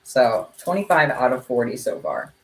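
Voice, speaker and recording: A woman's voice: very deep voice, sing-song, moderate pace, slight background noise. A young woman chatting casually on a livestream while she makes bracelets at home, with a chatty manner. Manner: chatty, meows at her cat. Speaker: streamer making kandi bracelets. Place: home room. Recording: echoey room, faint ambience.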